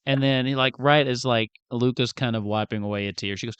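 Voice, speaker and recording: A man narrating a tabletop game as game master in an animated, chatty way. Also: medium pitch, a little fast, few pauses, clear, resonant tone, dry recording.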